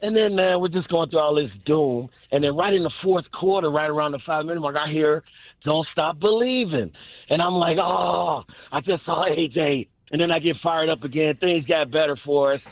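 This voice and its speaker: A man calling in to a sports radio show, telling an animated story full of laughs. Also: fairly high pitch, fairly quick, few pauses, no echo. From Chicago South Side. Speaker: caller. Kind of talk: excited phone call. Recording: tinny phone line.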